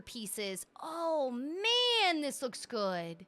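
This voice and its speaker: A woman streamer commenting excitedly on a game, gushing and thinking aloud as she tours player-made spaces. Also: a little high, measured pace, no echo.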